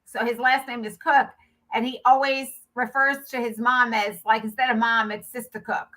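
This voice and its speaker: Bright-voiced woman with faded New York accent. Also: on the high side, flat delivery, normal speed, low-quality recording. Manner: agreeable, rambling. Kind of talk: casual chat.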